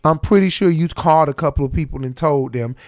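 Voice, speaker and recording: A man's voice: on the high side, fast talker, darkish tone, a little hiss or hum. A man hosting a reaction show, ranting bluntly and profanely about a reality episode. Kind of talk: casual reaction commentary.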